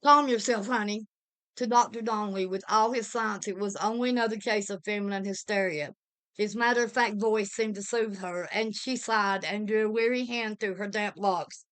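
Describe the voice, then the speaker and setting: A woman's voice: mid-range voice, steady tone, normal speed, smooth. A woman giving a vivid, dramatic reading of a pulp horror story. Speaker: reader.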